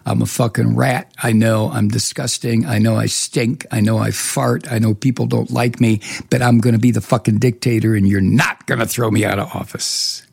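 A man's voice: medium pitch, little pitch movement, moderate pace, creaky, hardly any pauses, darkish tone, husky, no room sound, clean studio sound. A man voicing a mocking send-up of a self-pitying rat-like ruler, whiny and profane.

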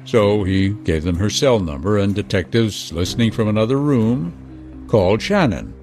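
A man reading a scripted true-crime narration in a measured way, with dramatic pauses. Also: fairly low pitch, expressive, darkish tone. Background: music.

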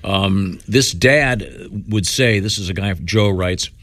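Older guy hosting radio, low voice, dry close mic, reading letters and chuckling. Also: slow pace, fairly bright tone, no room sound. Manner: reads listener letters, chuckling. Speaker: radio show host. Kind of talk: casual radio banter.

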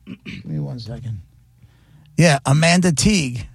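A man's voice: on the high side, lively intonation, a little slow, gravelly, husky, no room sound. A man hosting a radio show, chatting casually and jokily, rambling with frequent restarts. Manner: rambling, jokey, restarts often. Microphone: studio microphone.

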